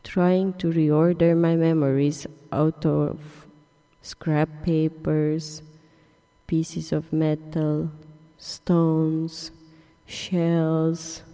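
Slow, deliberate woman in a reverberant hall. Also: sits low, little pitch movement, mellow. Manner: deliberate, drawn-out phrasing. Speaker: radio performer. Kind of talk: slow spoken-word performance.

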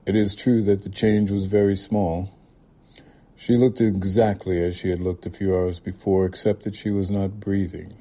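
Deep-voiced man reading a story. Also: flat delivery, normal speed, dark tone. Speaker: reader. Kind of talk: reading a literary short story aloud.

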